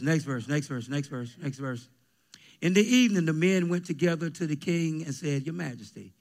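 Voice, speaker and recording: Gravelly preacher calling out to his church. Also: mid-range voice. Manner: preaching with call-and-response, bursts of shouting. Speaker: pastor. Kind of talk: sermon. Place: church sanctuary with congregation.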